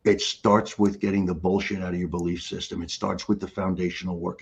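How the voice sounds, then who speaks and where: A middle-aged man speaks in a husky, slightly low voice, hammering home his points as a motivational coach. He repeats key phrases for emphasis and talks bluntly and casually. The call audio is dull and lo-fi. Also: level tone, a little fast, few pauses. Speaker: guest life coach. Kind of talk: motivational talk on a video call.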